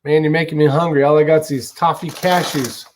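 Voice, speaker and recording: Brisk and fairly flat in pitch, this man's higher voice comes through with slight background noise. He's hosting a relaxed live stream, reading comments, greeting viewers, answering questions, rambling and cursing casually.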